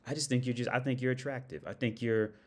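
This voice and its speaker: A man mimicking a gushing, admiring young woman who talks in a soft, halting way. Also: mid-range voice, steady tone, close to an everyday voice.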